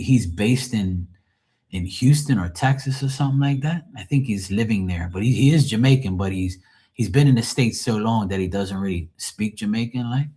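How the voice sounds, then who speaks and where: A man's voice: fairly low pitch, a little mellow. A man in his forties from Bermuda with a Bermudian accent, telling stories in blunt, profane casual chat on a live stream. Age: 40s.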